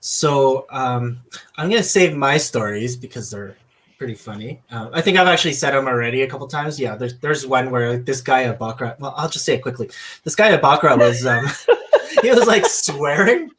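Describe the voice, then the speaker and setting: A man hosting a casual podcast, telling an animated story with many fillers and restarts. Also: medium pitch, brisk. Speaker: podcast host. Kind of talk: casual chat.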